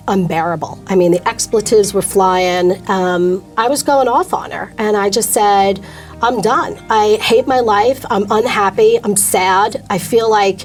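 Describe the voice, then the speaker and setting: A middle-aged woman shares her faith testimony as an interview guest, candid and emotional, with quick asides. Her voice sits at an ordinary middle pitch, and faint music plays underneath. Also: a little mellow.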